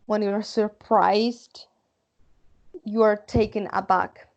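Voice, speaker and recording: Slow Spanish-accented woman teaching English. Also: medium pitch, little pitch movement, gravelly. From Spain. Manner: explains vocabulary slowly, repeats words and checks with "okay?". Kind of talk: online English lesson. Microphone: computer mic.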